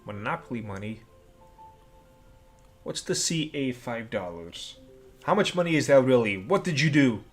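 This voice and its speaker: A man talking casually to his live stream at home, half to himself, with a mid-pitched voice and a dry, sarcastic edge. Faint music and the crinkle of packaging sit behind him. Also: animated, normal speed, long pauses. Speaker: livestream host.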